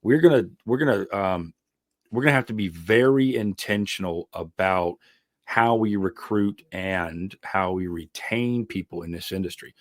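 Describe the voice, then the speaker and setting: A man's voice: sits low, measured pace, no echo, clean studio sound. A man who is an ironworker and mentor, a podcast guest, giving earnest, emphatic advice with frequent fillers. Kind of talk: casual interview chat.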